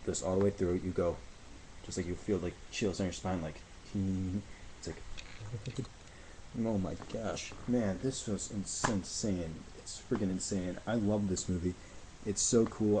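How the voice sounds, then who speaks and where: Low-voiced excitable man reviewing films. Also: a little hiss or hum, rough recording. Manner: rambling, excitable, gushing. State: out of breath. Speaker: video reviewer. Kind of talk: casual movie review vlog.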